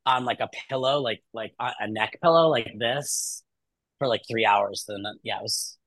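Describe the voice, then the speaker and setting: Male podcast co-host, mid pitch, blunt, swears, dry recording. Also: moderate pace, fairly bright tone, dry recording. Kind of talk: casual chat.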